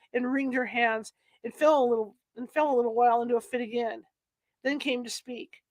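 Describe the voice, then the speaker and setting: A woman with a slightly high voice reads from a history book, halting and correcting herself as she works through archaic phrasing. The sound is dry and close, with almost no room in it. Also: fairly even intonation, no echo. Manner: halting, stumbles and restarts over old-fashioned wording. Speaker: reader. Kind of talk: reading aloud from a history book.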